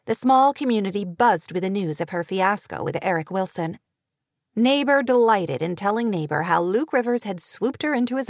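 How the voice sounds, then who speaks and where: A woman narrating a romance novel in a steady, even storytelling voice. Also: mid-range voice, no room sound. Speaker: audiobook narrator.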